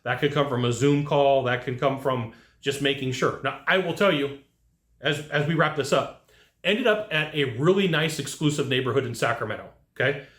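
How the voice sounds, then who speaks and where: A man giving casual advice to HVAC technicians, telling lively work stories and acting out what people said. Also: medium pitch, moderate pace, echoey room. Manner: animated storyteller who acts out quotes. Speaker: HVAC sales trainer.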